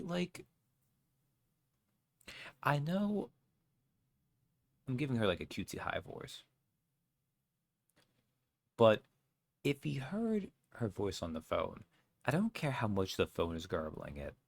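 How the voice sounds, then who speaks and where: Wry, deep-voiced man commenting on a game. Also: gravelly, dry recording. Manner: wry and chatty. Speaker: let's play host.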